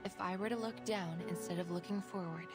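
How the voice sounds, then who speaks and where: A woman voicing an earnest young woman researcher in a video game. She speaks in a measured, self-reassuring way. Game voice acting. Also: lowish voice, fairly even intonation, lightly acted. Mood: cautious. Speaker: game character. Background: game music.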